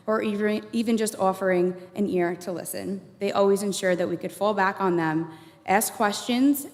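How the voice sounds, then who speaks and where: A woman student giving an earnest, formal speech at a graduation ceremony. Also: mid-range voice. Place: large church sanctuary. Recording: long church reverb.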